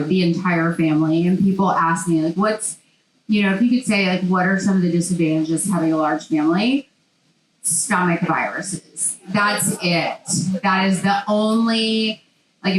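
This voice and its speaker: A woman, giving a chatty, animated speech as a guest speaker with many fillers. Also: lowish voice, slight background noise. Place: large hall. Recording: echoey hall sound.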